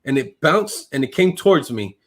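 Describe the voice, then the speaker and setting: A man's voice: on the high side, sing-song, moderate pace. A man, a military veteran, telling a long personal story in casual conversation, with frequent swearing and fillers. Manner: swears often, fills with uh and like. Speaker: podcast guest, army medic veteran.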